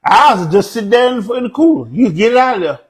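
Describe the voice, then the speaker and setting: A comedian telling funny stories in an animated way, slipping into a put-on proper voice. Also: male voice, very high-pitched, fast talker, rough recording. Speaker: comedian guest. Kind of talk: comic storytelling.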